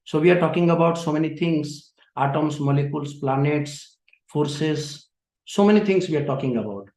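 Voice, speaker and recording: Halting man lecturing in an echoey hall. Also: a little high, a little mellow. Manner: halting, with frequent "uh" and "you know" fillers. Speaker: conference presenter. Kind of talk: conference introductory lecture.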